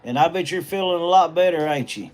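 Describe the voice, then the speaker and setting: Talking fast in a voice on the high side, a middle-aged Southern man reads viewer comments on his phone livestream from a hospital treatment room. The livestream host and auctioneer chats casually, rambling in folksy country style.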